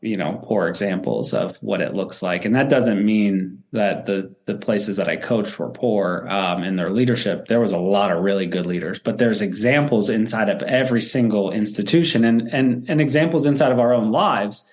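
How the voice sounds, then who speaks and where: A man's voice: on the low side, normal speed, few pauses. A man, a former football coach, answering interview questions in an earnest, reflective way with many restarts and tag questions.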